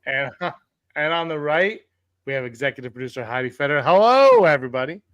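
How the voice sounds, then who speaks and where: A man's voice: fairly high pitch, lively intonation, a little fast, fairly bright tone, clear, resonant tone, dry recording. A man hosting a podcast over a video call, chatting casually, laughing often and restarting his sentences. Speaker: podcast host.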